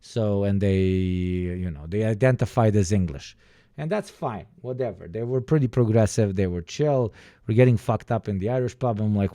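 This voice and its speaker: Profane rambling young man, mellow voice. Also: on the low side, normal speed, no room sound, clean studio sound. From Balkans. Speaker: livestreamer. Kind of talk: casual chat with viewers.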